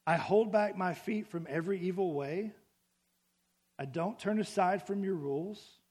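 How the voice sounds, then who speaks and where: Conversational preaching man, slightly high voice. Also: unhurried, darkish tone, husky. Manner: conversational, asks the congregation questions. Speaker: pastor. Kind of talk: sermon. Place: church sanctuary with congregation.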